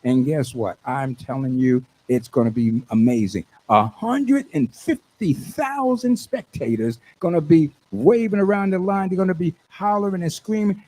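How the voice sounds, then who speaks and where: An older man, a radio station manager hosting his talk show, hyping an event with exuberant, preachy shouts. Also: mid-range voice, normal speed, hardly any pauses, slightly rough. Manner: exuberant, preachy call-and-response, shouts when excited. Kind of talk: hyped radio promo talk.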